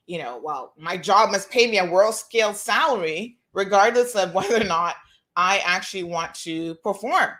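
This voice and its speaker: A woman hosting a talk show, telling a lively story and acting out the people in it. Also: medium pitch. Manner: animated, acts out quoted dialogue, laughs. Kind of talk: casual monologue, storytelling.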